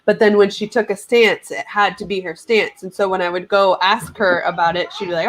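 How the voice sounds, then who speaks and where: A woman's voice: mid-range voice, steady tone, fairly quick, hardly any pauses. A woman co-hosting a podcast in casual chat, rambling as she tells a story and acts out what others said. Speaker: podcast co-host.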